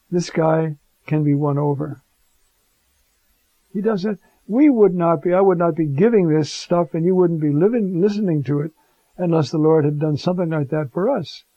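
Preaching in a conversational way, this man brings the Gospel scene to life by performing it in voices. He speaks a little high, with no echo, though the recording is dull and lo-fi.

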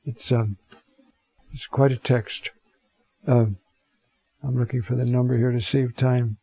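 A man teaching a Scripture talk in an unhurried, reflective way, pausing often as he looks up verses. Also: medium pitch, level tone, creaky, dark tone, slightly rough, no room sound, lo-fi sound. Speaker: Bible teacher.

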